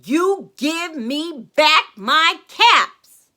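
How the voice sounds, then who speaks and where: A woman voicing an angry male cap peddler in a picture book read-aloud, shouting and scolding with slow, stretched words. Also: sits high, animated, voice pushed up, full character voice.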